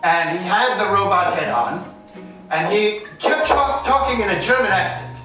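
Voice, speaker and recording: High, bright-voiced man rambling. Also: lively intonation, moderate pace. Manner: self-deprecating, wanders off on tangents. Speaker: street artist guest. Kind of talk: rambling interview chat. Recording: echoey room, distant mic, music.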